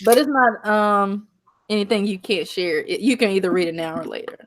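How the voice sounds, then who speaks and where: A woman who owns a shop, explaining her product as a guest in a relaxed, casual way. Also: mid-range voice, a little fast.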